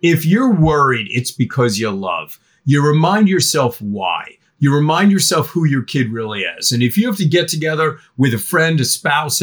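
Speaking with energy at a medium pitch, a middle-aged man takes part in a podcast interview. He's there as the guest expert on parenting teenagers.

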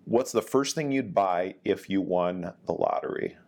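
A man with a very low voice hosts a casual podcast interview. He runs a rapid-fire question round with an upbeat, teasing manner. Every question carries a little joke. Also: darkish tone. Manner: upbeat, joking quizmaster. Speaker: podcast host, command chief.

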